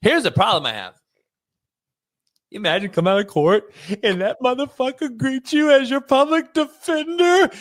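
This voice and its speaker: A young man hosts a casual sports podcast with a high, lively voice. He talks in a profane, animated way, acting out little scenes as he goes. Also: normal speed, dry recording, studio quality. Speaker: podcast host. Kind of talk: casual comedic sports talk.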